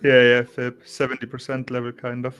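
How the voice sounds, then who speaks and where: A young man with a German accent, chatting casually about trading, relaxed, restarting sentences and saying "bro" a lot. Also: mid-range voice, fairly quick, clean tone. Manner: relaxed, restarts often, says "bro" and "you know". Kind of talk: casual chat.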